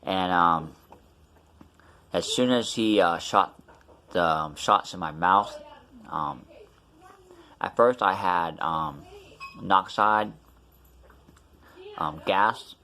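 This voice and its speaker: Low-voiced man, rambling story. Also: slow pace, pauses often, pushed and bright, a little hiss or hum. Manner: rambling, many fillers and restarts. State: mouth numb after tooth extraction. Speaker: vlogger. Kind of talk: casual storytelling vlog.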